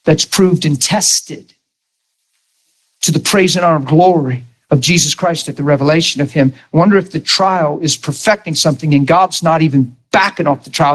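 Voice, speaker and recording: A man preaching a sermon, telling his own story, dropping to a hush and then raising his voice to drive a point home. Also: on the high side. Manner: testimony swinging from hushed to raised voice.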